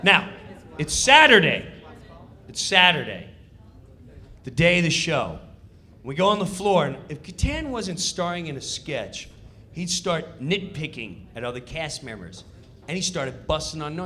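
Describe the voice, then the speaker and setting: A man telling a stand-up comedy story in an animated, punchy way, acting out the scenes. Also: on the high side, a little slow.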